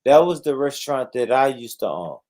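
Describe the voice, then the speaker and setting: Laid-back southern man, lively pitch. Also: a little fast. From southern United States. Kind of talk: casual chat.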